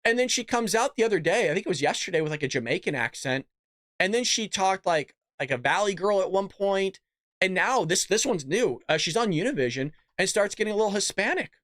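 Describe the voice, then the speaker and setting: A man's voice: high voice, lively intonation, brisk, fairly bright tone, dry recording, studio quality. A man hosting a political commentary podcast, talking in a sarcastic, mocking, chatty way. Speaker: podcast host.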